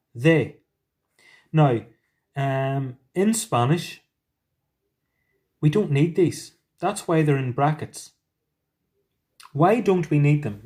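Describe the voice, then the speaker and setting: A man teaching a Spanish lesson, explaining patiently step by step with gentle asides. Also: medium pitch. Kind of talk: recorded classroom lesson.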